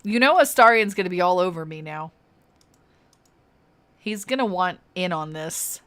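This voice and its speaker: A woman's voice: lowish voice, animated, normal speed, a bit bright. A young adult woman streaming a fantasy game, chatting casually and giggling as she plays. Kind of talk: casual gameplay commentary.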